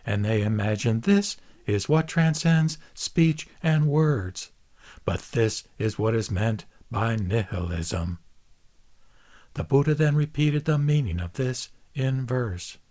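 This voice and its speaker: A man reading a Buddhist scripture aloud in a measured, solemn recitation. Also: mid-range voice, lively intonation, a little mellow. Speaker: reader.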